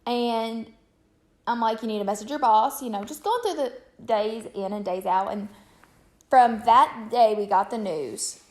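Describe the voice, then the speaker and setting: A woman's voice: a little high, unhurried, a little mellow. A woman vlogger telling a story in a chatty, rambling way with lots of fillers. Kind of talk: casual storytelling to camera.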